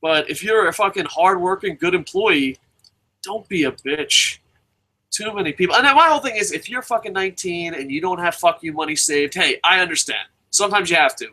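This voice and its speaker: A man's voice: high-pitched, lively intonation, brisk, sharp tone. A man co-hosting a wrestling news show, ranting bluntly and profanely in casual chat.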